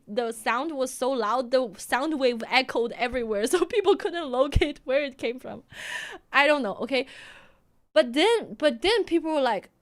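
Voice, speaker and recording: A young woman from China, telling a story casually on a stream and laughing often. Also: high voice.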